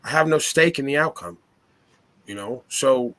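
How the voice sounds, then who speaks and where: A man's voice: medium pitch, moderate pace, a bit bright. Man lecturing with confident rhetorical questions. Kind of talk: casual philosophical talk.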